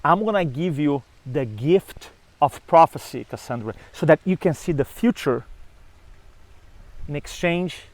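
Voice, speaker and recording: A man voicing a smooth-talking, pushy male god in a told myth, persuasive and insistent. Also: a little high, normal speed, darkish tone, no room sound, close to an everyday voice. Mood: coaxing.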